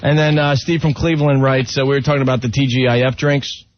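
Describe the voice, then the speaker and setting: A man's voice: medium pitch, steady tone, dry recording. Male radio host running the show. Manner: brisk, steering the show. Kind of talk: casual radio banter. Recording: dull lo-fi radio broadcast.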